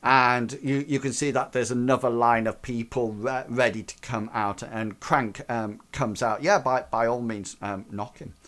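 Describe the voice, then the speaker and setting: A man's voice: mid-range voice, fairly even intonation, normal speed, hardly any pauses, a bit bright. A man narrating a tabletop game as game master, rambling with many fillers and restarts.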